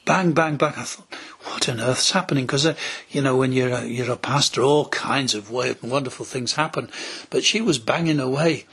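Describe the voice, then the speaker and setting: A man's voice: mid-range voice, normal speed, a bit bright, slightly rough. A man preaching a sermon as a pastor, telling stories and acting out quoted voices, sometimes dropping to a whisper.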